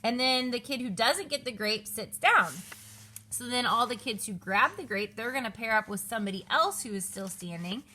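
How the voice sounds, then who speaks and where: Brief: woman in her 30s, bright, slightly high voice, chatty children's ministry leader explaining a lesson at home, faint background noise. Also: animated, normal speed. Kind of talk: recorded lesson walkthrough.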